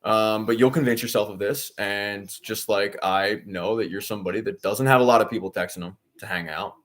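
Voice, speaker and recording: A young adult man streaming live, ranting at a troll in his chat and insisting he is calm, repeating himself with sarcasm. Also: on the low side, a little fast. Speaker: watch-along streamer.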